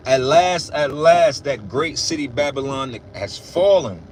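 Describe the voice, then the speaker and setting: A man delivers a casual, preachy monologue from inside a car, blunt and full of profanity. His voice sits a little higher than most men's, and he punches his key points with loud bursts. A faint hum of the vehicle runs underneath. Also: lively intonation, a little slow, few pauses. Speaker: religious commentator.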